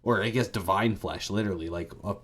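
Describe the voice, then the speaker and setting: A man's voice: deep voice, fast talker, a bit bright. A man hosting a podcast, giving a rambling, irreverent comedic retelling full of slang. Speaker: podcast host.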